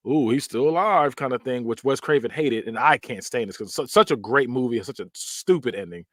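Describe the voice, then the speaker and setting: A man's voice: mid-range voice, a little fast, no echo, studio quality. A man hosting a podcast, recapping film scenes in a loose, conversational way and acting out screams and quoted lines. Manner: animated, acts out scenes with yelps and quoted voices; loose and conversational with frequent fillers. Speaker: podcast host. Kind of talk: casual movie recap.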